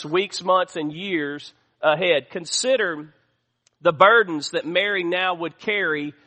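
A man's voice: sits high, bright, forceful tone. A man preaching a sermon as pastor, calling out to the congregation for responses as he teaches. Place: church sanctuary. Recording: long hall reverb.

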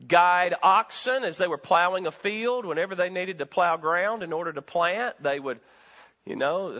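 A man preaching a sermon to his church, animated, swinging from loud bursts to quiet, low-voiced stretches. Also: long reverb tail, lo-fi sound. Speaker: pastor. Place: church sanctuary.

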